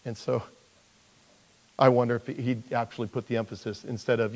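A male pastor preaching a conversational sermon, with many restarts and now and then putting on playful high voices for characters. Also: level tone, normal speed, creaky, long pauses, a little mellow, long reverb tail.

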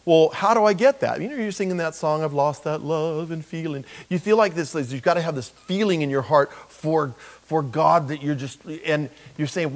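Middle-aged man, pastor, animated sermon, fairly high voice, chatty. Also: normal speed, few pauses, rough recording. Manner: animated, conversational preaching with jokes and rhetorical questions.

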